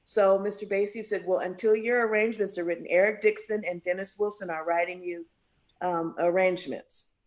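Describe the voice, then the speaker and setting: A woman spinning a story in a conversational interview, jumping high and low as she acts out the people she quotes. Her speaking voice sits in a middle register and her delivery is lively and expressive. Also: fairly quick. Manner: animated storyteller, acts out quoted voices with big pitch jumps. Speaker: jazz singer, guest.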